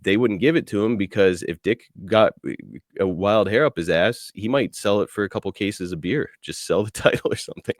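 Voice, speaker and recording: A man's voice: fairly low pitch, brisk, no echo, clean studio sound. A man hosting a podcast, asking eager casual questions with swearing and laughs. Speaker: podcast host. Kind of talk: casual interview chat.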